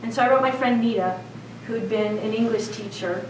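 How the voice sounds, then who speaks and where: A South Side Chicago woman takes the stage at a storytelling event, telling a personal story conversationally and often laughing at it. Her voice is a little high and her pace moderate, captured by a mic at a distance in a roomy live venue with background noise.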